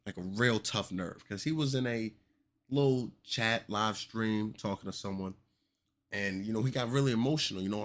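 A young man hosting a casual commentary podcast, animated and joking with exaggerated reactions. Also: lowish voice, normal speed. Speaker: podcast host.

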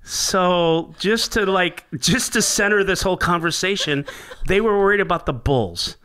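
Animated man telling a story. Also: high-pitched, a little slow, smooth. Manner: animated, swearing, laughs at his own story. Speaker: podcast host. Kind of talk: casual storytelling chat.

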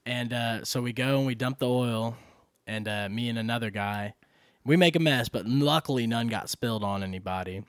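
A man's voice: medium pitch, normal speed, no room sound, clean studio sound. A man co-hosting a podcast, telling a work story in casual chat with lots of swearing. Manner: animated, profane storyteller who acts out quotes. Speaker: podcast co-host.

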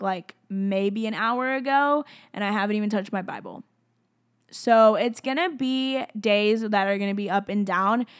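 A woman's voice: medium pitch, a bit bright. A young woman talking casually about her faith, rambling and giggly with lots of fillers. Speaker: faith podcaster. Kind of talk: casual devotional chat.

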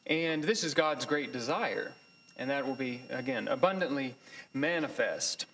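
A man teaching a Bible class in a thoughtful, halting way, with many pauses, fillers and restarts. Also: medium pitch, fairly bright tone, slight background noise, rough recording. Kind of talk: lecture.

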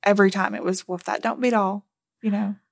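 A woman's voice: mid-range voice, fairly even intonation, fast talker, vocal fry, dry recording, studio quality. A woman with a Southern American accent, co-hosting a casual podcast chat. She laughs often and says "like" a lot. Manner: laughs often, talks with many "like" fillers. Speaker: podcast co-host.

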